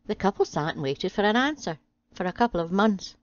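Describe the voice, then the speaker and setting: A woman reading a string of jokes aloud in a steady, deadpan way. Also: medium pitch, brisk. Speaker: channel host reading jokes. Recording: dry, slightly dull home audio.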